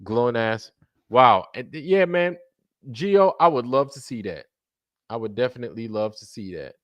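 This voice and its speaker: A man hosting a livestream in a loose, profane, easygoing way, talking straight to his chat. His voice sits at an ordinary middle pitch. It is recorded close and dry, with no room sound around it. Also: lively intonation, normal speed, dry recording, lo-fi sound. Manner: profane, laid-back, drifts into mocking impressions. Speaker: livestream host.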